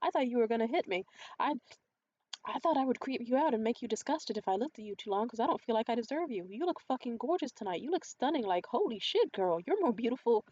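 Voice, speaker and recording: A man's voice: very high voice, expressive, fast, a little mellow, lo-fi sound, pitched above the performer's own voice. A woman quoting an anxious, apologetic young man on a date in a raised, flustered and stammering voice. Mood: flustered pleading.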